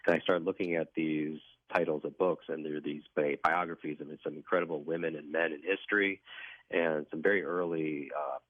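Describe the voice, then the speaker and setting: A man's voice: a bass voice, fairly even intonation, a little fast, no echo. A man telling his personal story as a guest in a radio interview, in an earnest, reflective way. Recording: dry tinny phone line.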